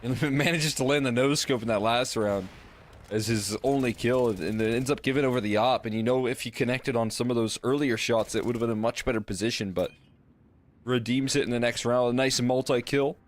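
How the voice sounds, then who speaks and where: A man giving relaxed, explanatory colour commentary on an esports match. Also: medium pitch, fairly quick.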